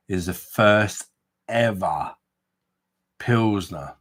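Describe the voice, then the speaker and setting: Host: man with a very deep voice, tipsy and bantering on a casual live stream. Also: takes it slowly, fairly bright tone. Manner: chatty, banter, swears casually. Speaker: beer review livestream host.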